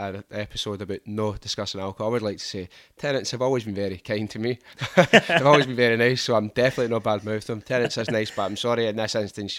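Scottish male host, low pitch, dry close sound, animated and sweary storyteller. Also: dry recording. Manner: animated, sweary, laughs a lot. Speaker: podcast host. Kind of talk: casual storytelling chat.

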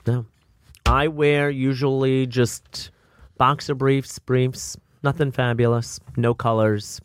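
A man's voice: mid-range voice, fairly even intonation, takes it slowly, smooth, no echo, clean studio sound. A man in his thirties, a guest on a casual comedy podcast, talking with hesitant restarts and casual swearing. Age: 30s. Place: small studio.

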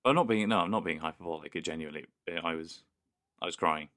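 A man's voice: low voice, fast, a bit bright. A man co-hosting a podcast in casual chat, enthusiastic and conversational. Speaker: podcast co-host.

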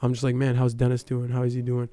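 A man's voice: medium pitch, completely flat delivery, fast talker, dark tone, no echo. A young man giving a casual personal testimony at church, telling his story with lots of fillers and quoted dialogue.

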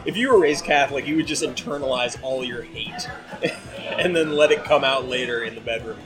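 Rambling, laughing podcast host. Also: male voice, mid-range voice, normal speed. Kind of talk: casual chat.

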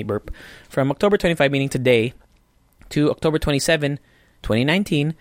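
A man's voice: mid-range voice, no room sound. A man with a Filipino English accent hosting a casual solo podcast from his apartment, rambling and chatty with self-deprecating humor. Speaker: podcast host.

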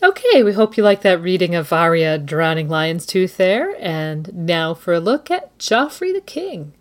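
A woman hosting a book podcast who analyzes the story and reads passages aloud in an expressive, measured way. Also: fairly low pitch. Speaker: podcast host. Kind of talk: book analysis and dramatic reading. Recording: long reverb, loud music behind.

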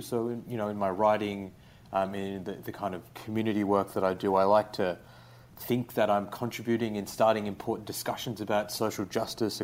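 A young Australian man, a writer being interviewed, talking in a relaxed, rambling way with lots of fillers. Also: lowish voice. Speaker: guest, writer. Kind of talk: casual interview.

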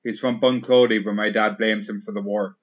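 A man's voice: on the low side, steady tone, fairly quick. A young Irish man in casual chat who tells stories in a dry, wry way. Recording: dull lo-fi recording.

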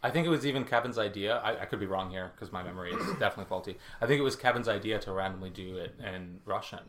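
Guy with a lowish voice rambling in a podcast chat, lots of ums. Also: rapid-fire, a bit bright. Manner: rambling, many fillers. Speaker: podcast co-host and writer. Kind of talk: casual chat.

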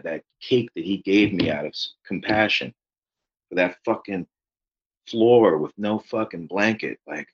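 Deep husky man, rambling and profane. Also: dull audio. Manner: rambling storyteller, swears constantly. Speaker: guest, author. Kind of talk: casual interview chat.

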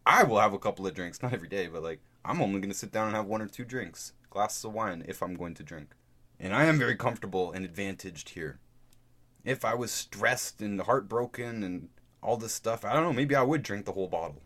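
Low-voiced man chatting about a book. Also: lively intonation, brisk, fairly bright tone. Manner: conversational, thinks aloud, reads out quotes. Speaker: podcast host reviewing a book. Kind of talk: casual solo podcast talk.

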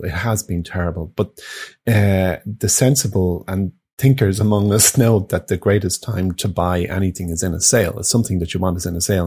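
An Irish man co-hosting a casual podcast chat, jokey and animated, laughing at his own jokes. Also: sits low, slightly rough. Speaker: podcast co-host.

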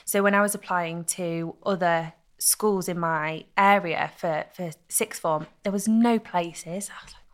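A young woman, telling stories in a casual interview with lively, laughing chat. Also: lowish voice, moderate pace. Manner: chatty, animated storytelling with laughs. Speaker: guest, content creator.

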